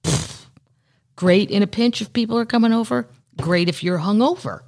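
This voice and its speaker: A woman's voice: mid-range voice, moderate pace, darkish tone. A middle-aged woman hosting her own podcast, chatting casually with wry, rambling asides. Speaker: podcast host. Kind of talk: casual solo chat.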